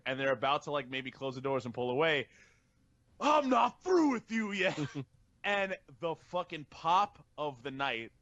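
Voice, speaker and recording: A man co-hosting a podcast, chatting casually and excitedly, laughing often and swearing freely. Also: on the high side, no room sound, lo-fi sound. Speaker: podcast co-host.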